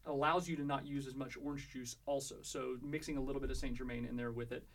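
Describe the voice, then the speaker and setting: A man's voice: medium pitch, little pitch movement, fast. A man co-hosting a casual podcast, explaining cocktail recipes step by step with lots of fillers and restarts. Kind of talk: casual chat.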